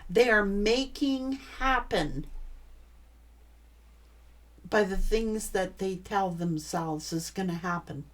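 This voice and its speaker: A woman's voice: mid-range voice, takes it slowly, long pauses. A woman giving a tarot reading, blunt and emphatic, swearing freely as she talks. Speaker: tarot reader.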